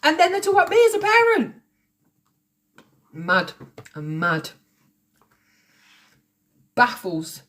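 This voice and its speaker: Slow and pausing often, a woman in her late thirties vents on TikTok Live from her home, sarcastic, cursing and confrontational. Her high, fairly bright voice lurches through huge pitch swings as the heated rant unfolds.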